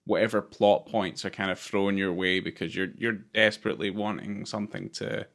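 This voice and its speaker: A man's voice: fairly low pitch, fairly even intonation, fairly quick, vocal fry, fairly bright tone. A man co-hosting a podcast, chatting casually about a film in a rambling, sweary way that keeps interrupting itself. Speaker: podcast co-host. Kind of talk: casual film review chat.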